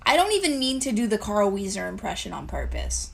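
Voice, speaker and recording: A woman's voice: mid-range voice, very animated, fairly quick, gravelly, breathy edge. A woman talking in a casual, chatty, self-deprecating way.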